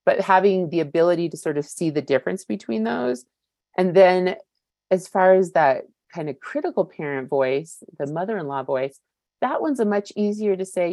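A woman's voice: fairly low pitch, animated, moderate pace, warm tone, no echo. A woman in her fifties giving a personal recovery share, candid and searching, with many fillers and casual swearing. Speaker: recovery meeting speaker.

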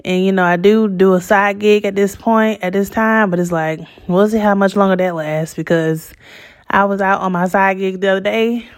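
A woman talks straight to her listeners in a casual storytelling monologue. She is candid and slangy, and she gets animated when she quotes what people said. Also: medium pitch, moderate pace.

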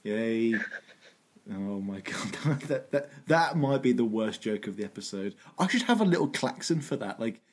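A man co-hosting a podcast in casual banter, animated and profane, laughing at his own jokes. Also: fairly low pitch, moderate pace, breathy edge. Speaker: podcast co-host.

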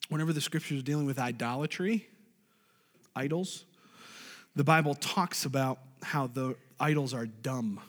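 A man preaching a sermon as a pastor, animated, with sudden loud, high bursts. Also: big-room sound. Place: church sanctuary.

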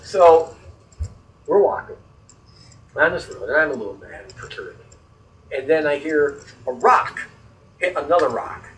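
A man's voice: on the high side, animated, unhurried, long pauses, a bit bright, reverberant, far from the mic, rough recording. A man telling a story in casual chat, rambling and swearing, getting worked up when annoyed.

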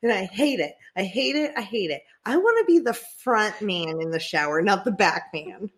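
A young woman telling a story in casual chat, animated, swearing freely and often laughing. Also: mid-range voice, normal speed.

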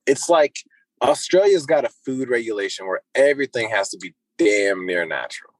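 Laid-back, swearing co-host on a phone. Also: male voice, medium pitch, lively intonation, moderate pace, dry recording, rough recording. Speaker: podcast co-host. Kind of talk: casual podcast chat.

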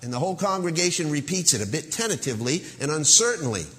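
A man's voice: on the high side, very animated, fast, fairly bright tone, big-room sound. A male pastor preaching an earnest, emphatic sermon with a warning tone.

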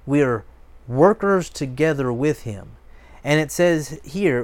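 Man, pastor, sermon, emphatic, repetitive, slightly high voice. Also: slow pace. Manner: emphatic and repetitive, with lively asides.

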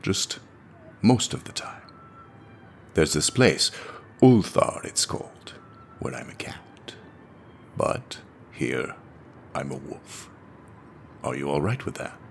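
A man's voice: very deep voice, sing-song, vocal fry, a little hiss or hum, exaggerated voice. A man putting on a grave, growling armored wolf. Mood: teasing. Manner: slow, grave, lecturing delivery.

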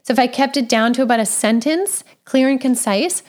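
A woman, a parent, talking casually and gently about raising children, with frequent conversational fillers. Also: high-pitched, a little fast. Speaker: parent sharing advice. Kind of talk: casual advice talk.

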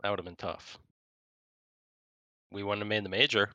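A man's voice: on the low side, steady tone, normal speed, bright, forceful tone, no echo, dull audio. A man who plays in the league, talking casually with brash, competitive trash talk. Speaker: pro player and co-host. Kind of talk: casual esports chat.

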